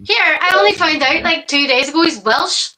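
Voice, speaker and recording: A woman co-hosting a live stream, chatting loosely and swearing freely. Her voice is high and bright. She tells stories in a rambling, easy way. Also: lively intonation, low-quality recording. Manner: sweary, chatty, quick to laugh. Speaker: co-host. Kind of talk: casual chat on a live stream.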